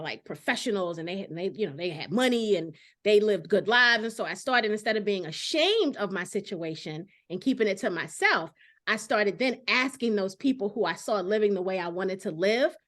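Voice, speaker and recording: An earnest middle-aged woman hosts a relaxed panel talk. Her voice sits at an ordinary middle pitch, and she speaks openly, from experience. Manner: earnest, reads viewer comments aloud. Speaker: host. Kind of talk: casual panel discussion.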